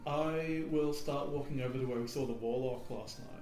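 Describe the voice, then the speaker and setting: A man's voice: medium pitch, normal speed, a little mellow, faint music behind. A man playing a tabletop game, talking casually and hesitantly, stumbling over words. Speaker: player. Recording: echoey room, distant mic.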